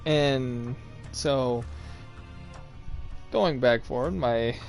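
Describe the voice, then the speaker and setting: A man's voice: mid-range voice, very slow, creaky, soft background music. A man telling a personal story in a casual chat, acting out the voices of the people in it. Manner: animated, acts out quoted voices.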